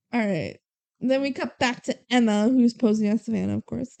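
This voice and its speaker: A young woman co-hosting a movie podcast, her voice a touch high and soft-toned. She chats casually and retells scenes with lively mimicry of each character. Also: gravelly. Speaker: podcast co-host. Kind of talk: casual movie recap chat.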